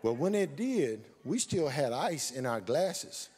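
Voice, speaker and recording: A man preaching a sermon as pastor, telling a lively story, building up to shouts. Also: mid-range voice, slow, breathy edge, big-room sound.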